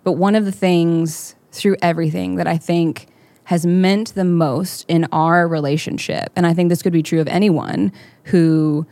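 Heartfelt woman with a lower voice. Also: steady tone, unhurried, mellow. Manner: heartfelt, rambling with many fillers. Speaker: podcast co-host. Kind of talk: candid faith conversation.

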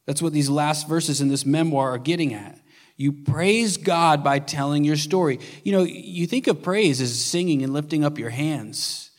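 A male pastor preaching a sermon with earnest, shifting emphasis, at times dropping to a hush and then building up again. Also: fairly high pitch, normal speed. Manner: earnest preaching, swings between hushed and emphatic. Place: church sanctuary.

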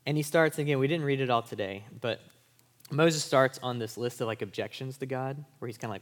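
A man preaching a sermon to college students. His voice sits at an average pitch and his delivery is informal and conversational. He keeps the listeners with him by asking "right?". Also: moderate pace. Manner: speaks to college students in everyday language. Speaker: pastor.

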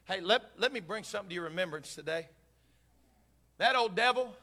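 A man preaching a sermon as pastor, impassioned and building to shouted climaxes. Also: high-pitched, lively intonation, fairly quick, long pauses, some chatter behind.

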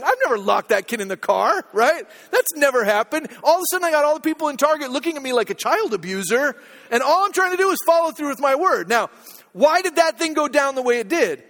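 Brief: middle-aged man preaching, chatty and story-driven, high voice, long church-hall reverb. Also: animated, fast, a bit bright. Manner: conversational storytelling, checks in with listeners. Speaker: pastor. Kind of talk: sermon.

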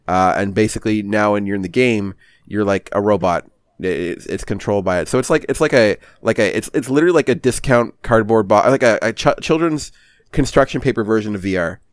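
A man's voice: lowish voice, fairly quick, smooth, dry recording. A young man hosting a casual podcast, rambling through a comic story with swearing and many fillers. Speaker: podcast host. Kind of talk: casual chat.

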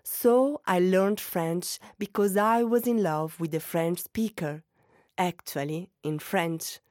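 A woman in her forties from Naples with an Italian accent, speaking as the slow, intimate narrator of a scripted audio piece. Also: on the low side, darkish tone, no echo, studio quality.

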